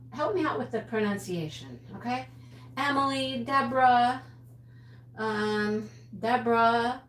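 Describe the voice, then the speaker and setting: A woman hosting a casual craft live stream, chatting and greeting viewers one by one with frequent laughs. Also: on the high side. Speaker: livestream host. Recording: echoey room, own speakers feeding back.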